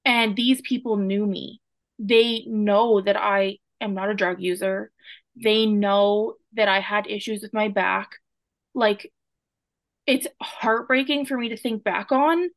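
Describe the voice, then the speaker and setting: A woman in her twenties from Canada recounts her own ordeal as a podcast guest. She speaks earnestly and with feeling, acting out the lines of everyone in the story. Her voice sits at a middle pitch and the recording is dry and close. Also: steady tone, takes it slowly, no echo. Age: 20s. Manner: earnest, emotional retelling with quoted dialogue. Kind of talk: personal story in an interview.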